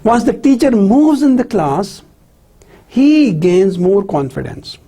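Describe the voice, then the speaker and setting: A lecturer gives a slow classroom lecture on teaching skills. The voice is mellow and a little husky, and the pitch rises and falls a lot. The lecturer keeps checking in with "right?" and "clear?", and asks questions and then answers them. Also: big pitch swings. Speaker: university lecturer.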